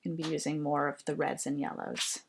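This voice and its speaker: Woman w a fairly low voice walking thru a painting demo, soft and unhurried. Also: flat delivery, creaky, slight background noise. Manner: gentle, thoughtful, explains while working. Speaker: painting instructor. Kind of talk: painting tutorial narration.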